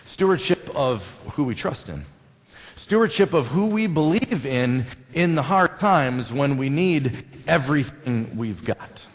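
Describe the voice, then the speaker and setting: A man's voice: medium pitch, expressive, measured pace. Male American pastor, chatty sermon delivery with questions to the pews, long church reverb. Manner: conversational, asks the congregation questions. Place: church sanctuary.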